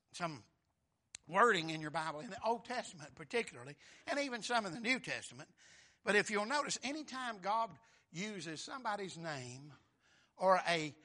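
A man preaching a sermon, breaking into shouts, calling out amen and brother and quoting scripture in old wording. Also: high voice. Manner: fervent preaching, bursts into shouts on key lines.

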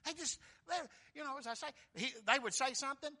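Talking fast with a pushed, bright sound, a man delivers a fervent, folksy sermon. His pitch and volume surge on key phrases, and he calls out "Amen?" to the congregation.

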